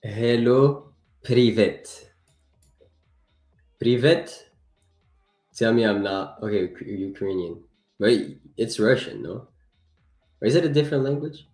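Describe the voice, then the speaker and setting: Chatty low-voiced man, native French speaker. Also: moderate pace, pauses often, darkish tone, echoey room, faint music behind. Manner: chatty, playful, reacts to chat with laughs. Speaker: live trading stream host. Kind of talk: casual live-stream chat with viewers.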